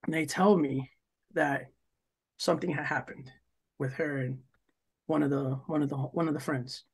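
A man's voice: on the high side, fairly even intonation, normal speed, vocal fry, slightly rough. A young man from New Jersey, co-hosting a podcast, telling a long story in a rambling, profane way and acting out what people said. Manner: rambling, profane, full of "like" and "yo", acts out quoted lines. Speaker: podcast co-host. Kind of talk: casual storytelling chat.

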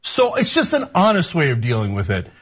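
A man's voice: a little high, wildly swooping pitch, a little fast, fairly bright tone, husky. Foul-mouthed, sarcastic male streamer. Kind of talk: ranting commentary on news clips.

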